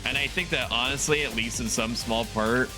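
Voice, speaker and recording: A man's voice: medium pitch, normal speed. Rambling man streaming over game music. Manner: rambling, self-deprecating, chuckling asides. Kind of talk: casual gaming stream commentary.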